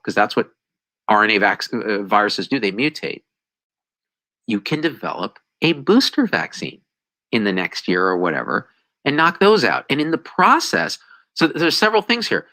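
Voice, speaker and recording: Emphatic, bright-voiced science host. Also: male voice, medium pitch, no echo, rough recording. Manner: emphatic, animated, sarcastic ranting. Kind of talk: heated commentary.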